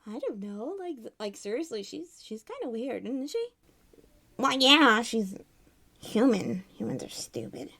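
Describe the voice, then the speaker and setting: A woman voicing a grumpy, scornful peacock in a puppet story show, quiet and deadpan. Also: a little high, measured pace, gravelly, exaggerated voice.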